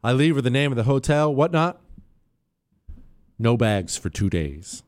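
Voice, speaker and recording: A man telling a travel story on air, animated and sarcastic, swinging between loud and quiet. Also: mid-range voice, measured pace. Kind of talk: storytelling monologue.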